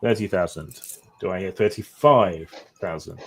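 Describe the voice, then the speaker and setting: A man voicing a male auctioneer, calling out bids briskly and drawing out the count. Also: sits low, a bit bright. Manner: brisk, drawn-out bid calling.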